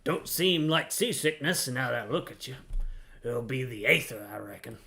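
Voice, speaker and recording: A man voicing a chatty male ship peddler in a gruff, grizzled voice, reading game dialogue aloud. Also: medium pitch, animated, normal speed, sharp tone, slight background noise, voice pushed down. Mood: folksy. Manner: folksy and rambling, calls listener lad.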